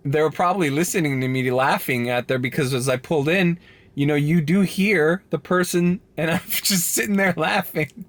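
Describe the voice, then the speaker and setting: A man's voice: a little high, moderate pace. A man vlogging casually from inside his car as a rideshare driver, rambling, swearing and laughing a lot. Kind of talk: casual vlog while driving.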